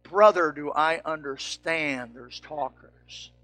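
An older man preaching a sermon, swinging from shouts to soft, low asides. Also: takes it slowly, soft background music.

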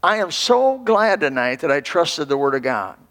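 A man's voice: on the high side, sing-song, moderate pace, a bit bright. A man in his sixties, a pastor giving a folksy, rambling sermon full of restarts. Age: 60s. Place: church. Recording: long hall reverb.

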